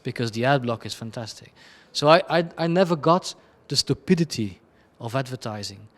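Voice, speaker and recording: Man, creative director being interviewed, chaotic and blunt, ordinary mid-range pitch. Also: lively intonation, normal speed. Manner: chaotic, rambling, frequent restarts and laughs; blunt and self-deprecating. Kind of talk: candid conversational interview answers.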